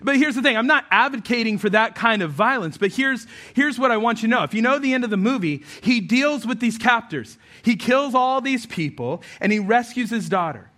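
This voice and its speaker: A male pastor delivers a sermon in a high, ringing voice. He swings from intense, rising appeals to loose, joking asides full of fillers. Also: lively intonation, brisk, few pauses, sharp tone.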